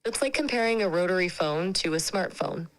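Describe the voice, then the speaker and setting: A woman's voice: lowish voice, expressive, fairly quick, low-quality recording. Friendly, chatty synthetic female companion voice. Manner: chatty, opinionated, friendly and casual. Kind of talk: conversational AI chat.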